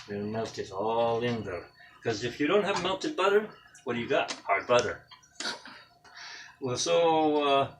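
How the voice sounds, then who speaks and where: A man casually demonstrating a breakfast recipe in his home kitchen, chatty and jokey with rambling asides. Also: mid-range voice. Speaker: home cook presenting a recipe. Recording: voice from a distance with music behind.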